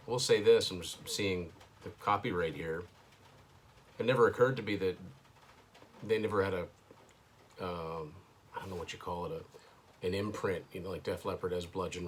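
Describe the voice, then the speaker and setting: Low-voiced man musing over an album. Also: fairly bright tone, a little hiss or hum. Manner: thinking aloud, hesitant, dry asides. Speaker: host. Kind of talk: casual first-listen album commentary. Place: indoors at home.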